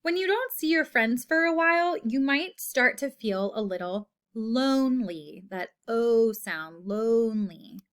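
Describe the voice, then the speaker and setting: A woman teacher giving a recorded phonics lesson to children, slowly drawing out each word for them to hear. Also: high voice, a bit bright. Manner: slow, patient, drawn-out word modeling.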